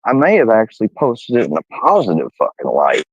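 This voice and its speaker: A man's voice: lowish voice, wildly swooping pitch, a little fast, breathy edge, no room sound. A man telling a story in casual talk, swearing a lot and getting heated as he acts out what others said. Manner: profane, heated, quotes others in a raised voice. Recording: dull, dry lo-fi sound.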